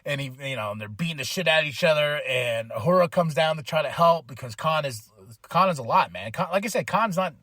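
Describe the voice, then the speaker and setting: A man's voice: a little high, lively intonation, fairly quick, bright, forceful tone, no room sound, studio quality. A man hosting a podcast, casually retelling a film plot in a slangy, rambling way full of fillers. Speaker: podcast host. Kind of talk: casual movie review recap.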